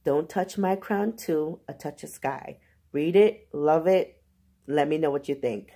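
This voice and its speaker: A woman's voice: deep voice, unhurried, creaky, breathy edge. A woman casually retelling a novel's plot in a chatty, slangy way as a book vlogger. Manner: animated, slangy retelling with asides. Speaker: book reviewer. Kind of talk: casual book review vlog.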